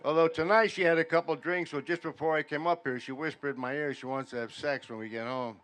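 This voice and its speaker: A man doing a stand-up comedy set in a veterans' hall, telling deadpan stories that build louder toward each punchline. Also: a little high, quick pace, a faint crowd. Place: veterans' hall function room.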